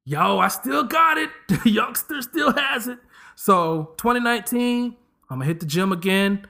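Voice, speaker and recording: A man's voice: high-pitched, a little slow, gravelly. A man in his thirties hosting a podcast, giving a comedic casual monologue and slipping into voices as he jokes. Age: 30s. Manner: animated, joking, slips into voices. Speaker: podcast host.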